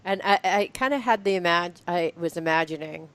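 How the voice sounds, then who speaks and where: A woman's voice: on the low side, fairly quick, a bit bright, no echo. A woman hosting an interview, chatting in an amused, easygoing way and laughing often. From United States. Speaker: host. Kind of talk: casual interview chat.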